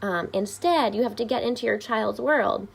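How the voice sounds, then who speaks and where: A woman's voice: on the high side, moderate pace, creaky, slight background noise. A woman family therapist, speaking upbeat and informally to parents, with frequent "um" fillers. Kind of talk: informational talk to camera.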